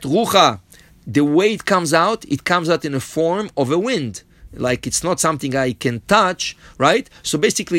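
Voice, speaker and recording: A man's voice: a little high, fairly bright tone, no room sound. Man giving a Torah lesson, dry sound. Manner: explains step by step, often asks "right?". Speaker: rabbi teaching Torah.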